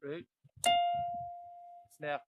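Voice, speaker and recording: A man giving a casual ear-training lesson at the piano, naming the notes he plays and thinking aloud as he goes. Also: drawn-out words. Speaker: piano teacher. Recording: piano loud behind voice. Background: piano playing.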